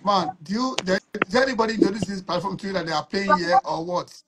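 A woman's voice: medium pitch, fast talker, very noisy. A woman with a Nigerian accent hosting a live matchmaking call-in show, bluntly firing off questions at callers. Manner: blunt and bossy, fires off questions. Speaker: host.

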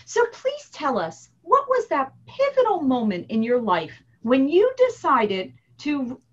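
A woman's voice: high voice, wildly swooping pitch, a little slow. A woman hosting an interview podcast, enthusiastic and conversational. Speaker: podcast host. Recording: dull lo-fi recording.

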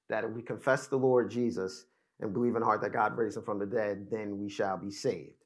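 A man's voice: lowish voice, husky. A man preaching a teaching sermon, explaining scripture step by step and often checking in with "right?" and "amen?". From United States. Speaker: pastor.

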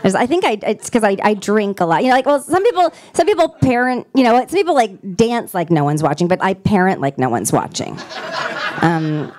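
A woman in her forties doing a stand-up comedy set on a club stage, dropping deadpan punchlines between giggles and fillers. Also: mid-range voice, fairly quick. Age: 40s.

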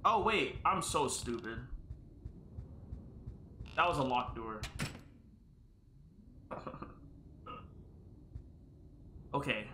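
Panicky, exclaiming gamer man, lively pitch. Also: drawn-out words, pauses often, a little hiss or hum. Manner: panicky, exclaiming, yelling at the game. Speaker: gaming video creator. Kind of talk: live gameplay commentary. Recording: roomy echo with loud game music behind. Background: game music.

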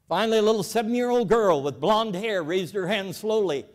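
Speaking animatedly and briskly with hardly any pauses, a man with a high, lifted voice addresses an evangelical convention in a big auditorium. This former bank president tells folksy tales and urges his listeners emphatically while long reverb trails off.

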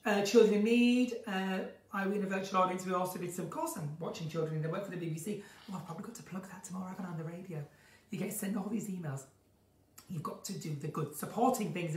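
Chatty theatrical woman on a roomy stream. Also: medium pitch. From northern England. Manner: chatty, theatrical, reads out comments and answers them. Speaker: live chat host answering viewer questions. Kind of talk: casual live-stream chat. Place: at home, room with a window to her garden. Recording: roomy, distant home stream audio.

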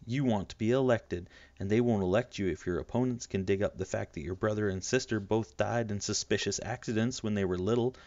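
Guy reading as a sharp clever girl snapping back at her brother, low-ish voice, dull dry audiobook sound. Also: dry recording, close to an everyday voice. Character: sharp-tongued clever young girl, defiant older sister.

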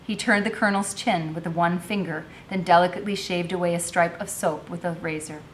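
A woman's voice: lowish voice, steady tone, brisk, a little hiss or hum. A woman teacher reading a novel aloud, narrating expressively.

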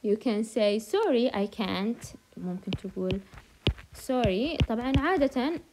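A woman teaching an English grammar lesson, repeating phrases slowly and switching into to explain. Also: a little high, expressive, noisy background.

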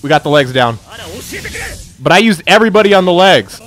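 Excitable high-voiced young man gaming. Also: a little fast, faint music behind. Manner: excitable, trash-talking, yells at the game. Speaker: gameplay YouTuber. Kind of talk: let's play commentary.

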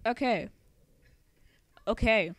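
A woman's voice: on the high side, slow pace, no echo. A young woman narrating a let's play, chatty and sarcastic, rambling with singsong asides. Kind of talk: casual game commentary.

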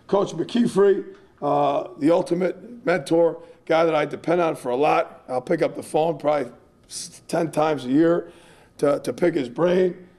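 A man's voice: fairly high pitch, normal speed, a little mellow. A man, a strength coach, giving a clinic presentation in an earnest, emphatic, repetitive way.

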